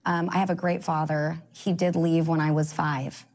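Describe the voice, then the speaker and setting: A woman sharing her faith story in casual conversation, earnest and encouraging, acting out quoted dialogue with sudden jumps up in pitch. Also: level tone, normal speed, a little mellow. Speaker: guest.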